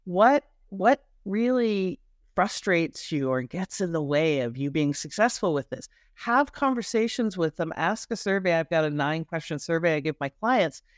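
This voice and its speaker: A woman's voice: on the low side, expressive, moderate pace, dry recording, clean studio sound. A middle-aged Canadian woman with a Canadian accent, talking emphatically as a marketing coach in a podcast interview, with restarts and repetitions.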